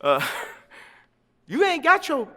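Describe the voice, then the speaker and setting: Man, very high voice, bright and forceful, emphatic preachy guest, long reverb. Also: wildly swooping pitch, slow. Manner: preachy, emphatic, shifts between loud and quiet; religious, uses slang. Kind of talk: animated interview talk.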